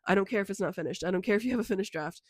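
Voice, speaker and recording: A woman's voice: medium pitch, very fast, no echo. A young woman with a sick voice, chatting casually in an advice vlog as an indie author, full of filler words and encouragement. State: sick, with a congested voice. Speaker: indie author and book vlogger.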